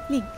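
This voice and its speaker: A woman voicing a calm, composed young princess in a game cutscene, measured and formal.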